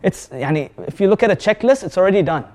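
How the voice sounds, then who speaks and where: A man with a high voice preaches a lively sermon to a live audience. He asks the audience questions and mixes Arabic words and recitation into his English. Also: fast talker. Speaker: Islamic preacher.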